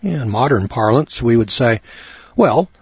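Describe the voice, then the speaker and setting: A man's voice: mid-range voice, normal speed, a little mellow, slightly rough, no echo. A man preaching a folksy sermon on scripture, wry and full of rhetorical questions. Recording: dull lo-fi recording.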